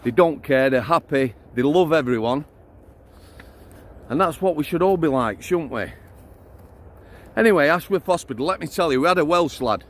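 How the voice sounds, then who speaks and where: A man's voice: on the high side, lively intonation, moderate pace, long pauses. A middle-aged man, a former prison officer giving a blunt, ranting vlog while out walking his dog. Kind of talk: outdoor walking vlog rant.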